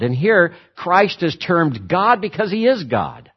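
A man preaching a sermon, emphatic, repeating words for stress and switching between slow, weighty phrases and quick runs. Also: high voice, big pitch swings, husky, lo-fi sound. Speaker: pastor.

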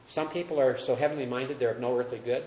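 A man's voice: medium pitch, steady tone, quick pace, darkish tone, highs cut off, slight background noise. A man teaching a Bible study class, earnest and emphatic, asking the group questions. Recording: roomy echo.

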